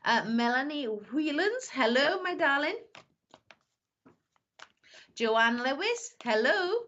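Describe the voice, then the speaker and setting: A woman with a slightly high voice, chatting warmly with viewers as a psychic medium, calling each one "my lovely". Her live stream sound is dull and lo-fi, and her talk is loose and chatty. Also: expressive, slow. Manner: chatty, calls everyone "my lovely". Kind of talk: live-stream greetings and reading.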